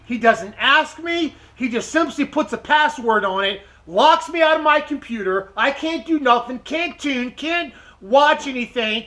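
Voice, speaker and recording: A man's voice: very high voice, sharp tone. A man hosting his car channel, talking casually and heatedly to viewers, giving blunt advice and often tagging his points with "okay?". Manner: gives blunt advice in a preachy tone. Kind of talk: casual vlog talk to viewers.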